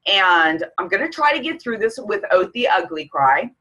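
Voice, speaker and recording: A woman's voice: medium pitch, sing-song, moderate pace, bright, forceful tone, highs cut off. A middle-aged woman from Canada, a fitness coach, talking openly to camera in a personal vlog, emotional and close to tears. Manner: emotional, tearful, candid.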